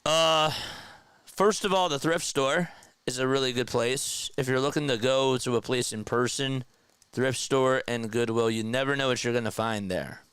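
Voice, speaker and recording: Young man, casual baseball play-by-play, chatty with viewers, smooth voice, dry close sound. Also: normal speed, dry recording. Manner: chatty, answers live chat between pitch calls; gets loud and high when excited. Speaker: fan play-by-play streamer.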